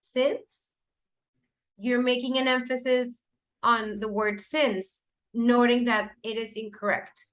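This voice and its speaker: A woman's voice: on the high side, little pitch movement, a little slow, fairly bright tone. A woman whose first language is Spanish, giving a teacher-training lecture in an explanatory way, with fillers and self-corrections.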